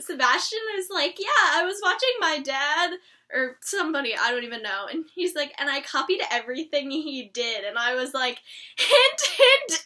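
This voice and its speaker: A young woman vlogger chatting casually about a TV episode, excitable and rambling, full of "like"s. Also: high voice. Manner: gushing, excitable, rambling with many "like"s. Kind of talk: casual chat.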